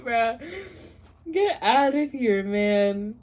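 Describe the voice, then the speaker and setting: A woman's voice: medium pitch, slow pace, slight background noise. A woman talking casually in a reading vlog, reacting dramatically to a book and laughing often. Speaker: book vlogger.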